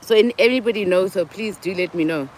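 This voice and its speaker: A South African woman hosting a show, talking casually and telling animated stories, often acting out other people's voices and mixing in local words. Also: mid-range voice, quick pace, low-quality recording. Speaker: host. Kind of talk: casual monologue.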